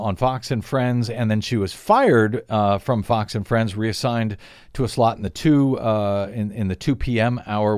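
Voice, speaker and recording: A radio host with a fairly low, darkish voice reads out the details of a lawsuit on his talk radio news commentary show. He adds wry asides and uses frequent fillers. The studio-quality recording has no echo.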